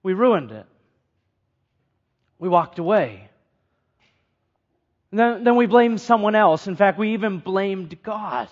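A man's voice: high-pitched, animated, slow pace, pauses often. A man preaching a sermon in an earnest way, putting questions to the congregation and repeating phrases for emphasis. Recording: dull lo-fi sound.

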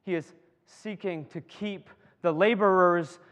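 A man with a high voice preaches at a slow, deliberate pace, stopping to joke with his congregation and repeating words as he drives each point home. His voice rings with a long reverb, as if he is in a large church hall. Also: a bit bright, muffled recording. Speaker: pastor. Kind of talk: sermon.

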